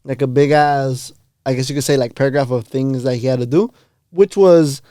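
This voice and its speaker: A man's voice: medium pitch, normal speed, mellow, no echo. A young man from Los Angeles co-hosting a podcast, rambling through stories in slangy, casual chat and laughing often. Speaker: podcast co-host.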